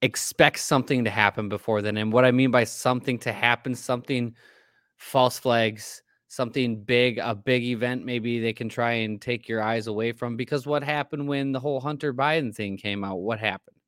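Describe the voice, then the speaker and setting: A man's voice: mid-range voice, steady tone, normal speed, fairly bright tone, no room sound, clean studio sound. A man co-hosting a casual political podcast, rambling with many fillers and restarts. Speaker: podcast co-host.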